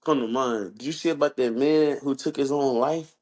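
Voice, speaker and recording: A man's voice: mid-range voice, moderate pace, darkish tone. A young man co-hosting a podcast, telling stories in loose, profane slang. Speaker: podcast co-host. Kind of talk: casual chat.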